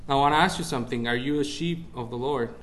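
A man's voice: medium pitch, fast, fairly bright tone. Man preaching a sermon. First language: Spanish. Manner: searches for English words, rises when preaching.

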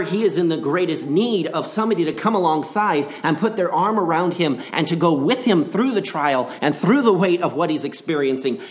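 A man with a slightly high, earnest voice preaches a gospel sermon, repeating key phrases as his delivery swings between rising and falling.

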